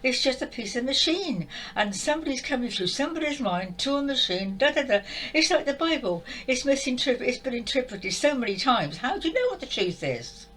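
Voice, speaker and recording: A woman's voice: high-pitched, big pitch swings, fairly quick, hardly any pauses, fairly bright tone, rough recording. An older woman speaking in an upset, exasperated and tearful way, repeating herself as she vents about spiritual channelling. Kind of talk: emotional monologue to camera.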